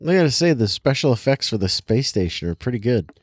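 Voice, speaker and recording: A man co-hosting a podcast, making wry, quick quips in a casual chat about a movie. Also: medium pitch, very animated, slightly rough, dry recording, clean studio sound. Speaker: podcast co-host.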